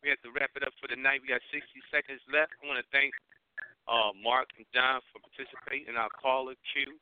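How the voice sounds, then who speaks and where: A man hosting a talk radio show, closing it out in a measured, lecturing way. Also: medium pitch, little pitch movement, clean tone, no echo. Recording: dry, phone-like sound.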